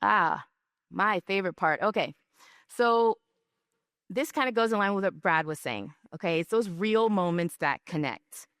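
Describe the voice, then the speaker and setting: A woman's voice: medium pitch, lively intonation, unhurried, fairly bright tone, smooth, dry recording, clean studio sound. A woman giving a conversational business presentation, telling stories and often checking in with the audience with "right?" and "okay?". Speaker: speaker at a business session.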